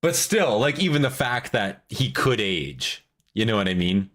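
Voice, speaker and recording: A man reacting to a lore video in loose, casual commentary. He gets excitable and curses often, and his voice sits a little low. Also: measured pace. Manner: excitable, swears and laughs a lot.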